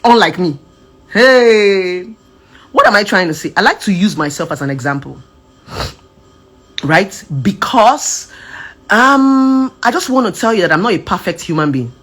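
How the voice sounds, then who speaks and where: A woman speaks in a husky, slightly breathy voice. She talks to her social media followers as if chatting with them, emphatic and expressive. Her pitch swings widely as she moves between loud bursts and soft, quoted asides. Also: a little slow, long pauses, faint music behind. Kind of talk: casual personal testimony.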